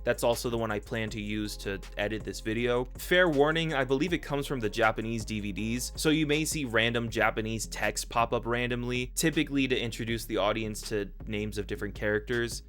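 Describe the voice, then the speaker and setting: A man's voice: medium pitch, brisk, few pauses, fairly bright tone, faint music behind. A man narrating a casual review video, rambling and correcting himself with offhand asides.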